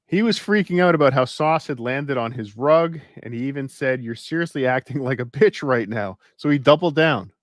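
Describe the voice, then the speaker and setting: A man co-hosting a casual podcast, reading a story aloud with wry, deadpan asides. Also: medium pitch, moderate pace, hardly any pauses, no echo, clean studio sound. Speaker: podcast co-host.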